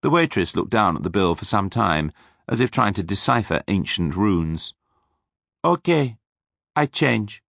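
A man narrating an audiobook in a wry, measured way. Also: sits low, lively intonation, gravelly, fairly bright tone, no room sound, studio quality. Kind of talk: scripted narration.

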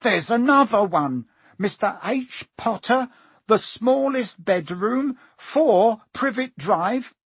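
A man voicing a spoiled boy who whines and bawls in drawn-out shouts. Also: high-pitched, lively intonation, husky, no room sound, voice pushed up, heavily acted. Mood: shouting.

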